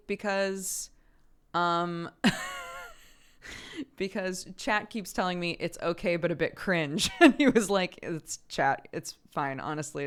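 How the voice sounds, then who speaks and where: A man's voice: high voice, clean tone. A young man streaming, chatting casually with viewers, reading out their messages and laughing often.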